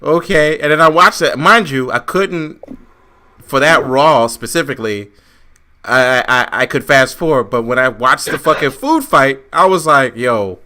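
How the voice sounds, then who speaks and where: Animated, bright-voiced profane man. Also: mid-range voice, normal speed. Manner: animated, profane, laughs a lot. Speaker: podcast co-host. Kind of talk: casual wrestling chat.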